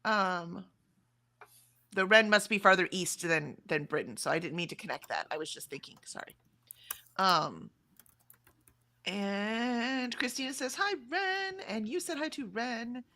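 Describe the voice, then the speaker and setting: Bright-voiced chatty woman. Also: medium pitch, a little slow. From Texas, USA. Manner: chatty, reads comments aloud, animated. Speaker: livestream co-host. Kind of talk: casual chat reading out live chat.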